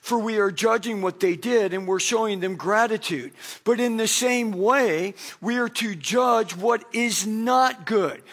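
Middle-aged male pastor, high voice, lively sermon delivery that acts out quoted lines. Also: measured pace.

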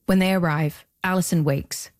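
Low-voiced woman narrating a documentary podcast. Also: steady tone, moderate pace, darkish tone. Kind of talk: scripted narration.

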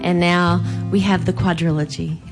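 A woman's voice: lowish voice, fairly even intonation, normal speed, music in the background. A woman singer-songwriter telling a light, giggly story on stage during a live radio show.

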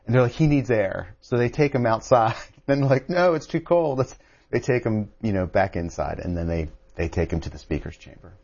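Lively male author full of restarts. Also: on the low side, a little fast, highs cut off. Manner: animated storytelling with many restarts. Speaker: author guest. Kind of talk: call-in radio interview.

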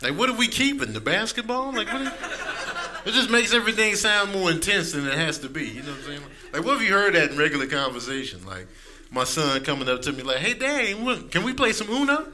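A man in his thirties doing an animated stand-up comedy set on a club stage, acting out other people's voices. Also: fairly high pitch, fast talker. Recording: live recording with audience noise.

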